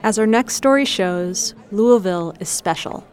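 A woman hosting a storytelling show, reading the links in a calm, measured way. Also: mid-range voice. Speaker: host. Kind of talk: scripted narration.

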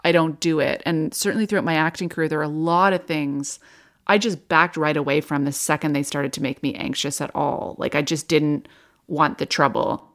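Woman, low voice, interview guest, candid storytelling, reflective, wry. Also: fairly even intonation, moderate pace, fairly bright tone.

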